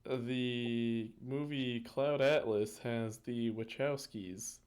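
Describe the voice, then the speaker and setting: Male podcast co-host, slow-paced, playful and jokey, drifts off mid-sentence. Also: mid-range voice, steady tone, a little mellow, smooth. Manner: playful, joking, trailing off. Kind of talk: casual chat about movies.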